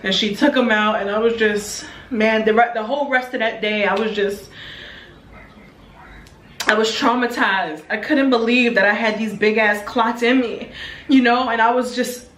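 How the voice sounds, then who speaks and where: Young woman vlogging, kinda high voice, blunt storytime, echoey room with a faint hum behind. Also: fairly even intonation, normal speed, a bit bright. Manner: candid, emotional, blunt with swearing. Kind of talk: casual storytime vlog.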